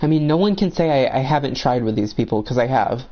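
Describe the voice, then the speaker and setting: A man's voice: medium pitch, lively intonation, fast talker, lo-fi sound. A young man ranting bluntly about friends while playing a video game, swearing a lot in a heated, agitated way.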